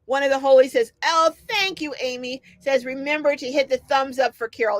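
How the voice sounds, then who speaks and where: A middle-aged woman hosts a relaxed livestream, reading viewer comments aloud while chatting, laughing often, and staying animated. Her voice is high and brisk with few pauses, and the recording is dry.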